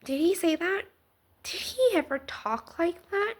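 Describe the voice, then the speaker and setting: A woman giving a casual faith talk to the camera, swinging from loud exclamations to soft near-whispers. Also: very high-pitched, animated, a little slow. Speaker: Christian vlogger.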